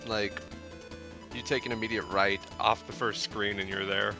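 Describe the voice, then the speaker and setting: A man's voice: fairly low pitch, little pitch movement, gravelly, over music, rough recording. A man chatting casually, telling a friend where to go and how the game works. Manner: quick, helpful, explaining. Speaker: co-player giving directions. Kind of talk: casual gameplay chat.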